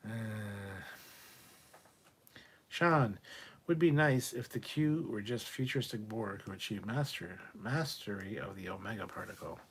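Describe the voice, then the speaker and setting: A man's voice: on the low side, unhurried, a little hiss or hum. A man hosting a casual livestream, reading viewer comments aloud and answering them in an offhand, profane way. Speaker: livestream host reading chat. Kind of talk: casual live chat.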